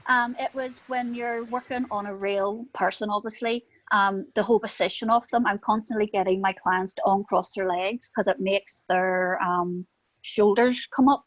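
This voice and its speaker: Brief: Belfast woman, young salon owner, friendly and easy-laughing, mid pitch. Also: steady tone, moderate pace, poor audio. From Northern Ireland. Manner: friendly, laughs easily, hesitant with ums. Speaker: salon owner asking questions.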